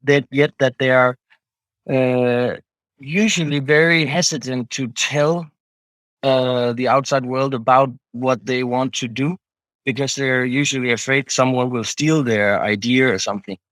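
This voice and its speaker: A man's voice: medium pitch, steady tone, measured pace, fairly bright tone, no echo, rough recording. A man talking as an interview guest, a startup founder, hesitant, with many restarts and fillers. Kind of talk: casual interview talk.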